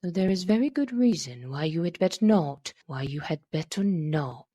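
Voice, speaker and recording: A woman voicing a bitter, sinister dying old man who speaks slowly and menacingly in a lowered voice. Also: sing-song, dark tone, dry recording, muffled recording. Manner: slow, low, menacing.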